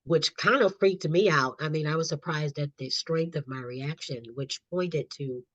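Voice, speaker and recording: Her voice sits low and moves at a moderate pace with a bit of brightness, and there's no room sound. She's a middle-aged author and counselor, laughing often as she animatedly tells her own story in a podcast interview. The recording is lo-fi and slightly dull.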